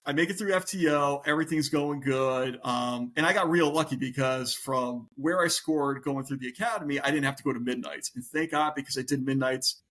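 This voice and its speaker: A man's voice: mid-range voice, a little fast, hardly any pauses. A middle-aged man and police officer telling stories in a casual interview, swearing a lot and acting out what he thought at the time. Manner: profane, animated, acts out his own past thoughts.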